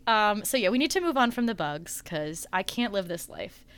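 A woman's voice: medium pitch, very animated, normal speed, fairly bright tone, clear, resonant tone. A woman co-hosting a podcast, chatting casually and expressively, with casual swearing. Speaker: podcast co-host. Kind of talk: casual chat.

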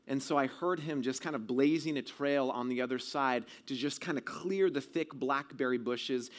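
A pastor telling a story in his sermon, acting it out dramatically and moving between loud shouted lines and hushed quiet ones. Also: mid-range voice.

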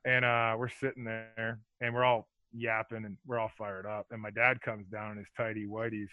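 A man's voice: fairly low pitch, normal speed, no room sound, phone-quality sound. A man telling rambling, profane stories in a casual chat, full of filler words and acted-out lines. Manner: animated, acts out other people's lines.

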